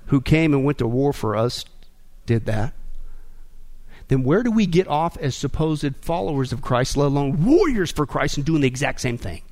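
The middle-aged pastor's voice sits a little high as he delivers a sarcastic sermon that alternates between loud bursts and hushed asides.

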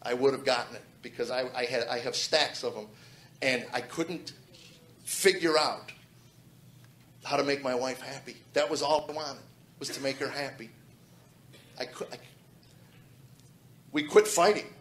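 A man's voice: medium pitch, a bit bright, roomy sound. A man in his forties telling an earnest personal testimony, often restarting his sentences. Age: 40s. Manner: earnest, halting with repeated restarts. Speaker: testimony speaker.

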